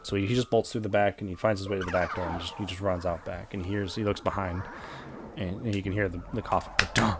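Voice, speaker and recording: A man's voice: deep voice, fairly even intonation, fast talker, heavy background noise. A young man telling a long, rambling comic story in casual chat, restarting his sentences often. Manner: rambling, many restarts, acts out characters. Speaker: podcast co-host.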